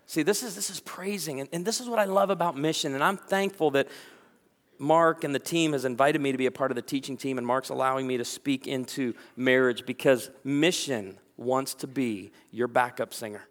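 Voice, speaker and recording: A man preaching a sermon as a pastor, telling stories with lively energy and acting out the voices of people he quotes. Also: medium pitch, moderate pace, long reverb tail.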